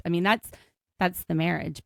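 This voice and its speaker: Gravelly-voiced woman podcast co-host. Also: fairly low pitch, fairly even intonation, no echo, clean studio sound. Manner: chatty, jokey, quick asides. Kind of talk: casual recap chat.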